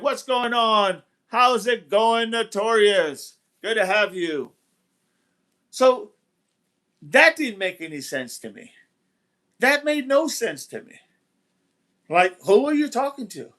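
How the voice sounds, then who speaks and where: A man's voice: sits high, sing-song, slow, long pauses, pushed and bright. A man hosting a casual livestream who rambles, repeats himself and greets viewers from the chat. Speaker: livestream host. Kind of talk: casual live-stream talk, reading chat.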